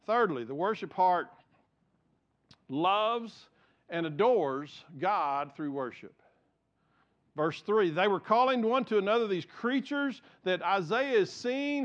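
Earnest male pastor in his forties, higher-pitched, sermon on a muffled lo-fi recording. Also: fairly bright tone. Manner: earnest, repeats words while building points.

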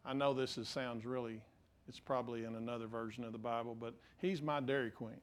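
A middle-aged man preaching a sermon, stumbling over restarts and swinging from quiet asides to emphatic points. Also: mid-range voice, steady tone, fairly quick. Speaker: pastor.

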